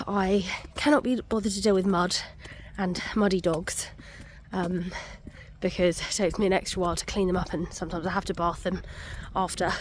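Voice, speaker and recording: A woman's voice: medium pitch, darkish tone, a little hiss or hum. A young woman, out of breath, chatting casually to camera on a muddy country walk with many ums. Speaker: vlogger. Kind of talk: casual walking vlog.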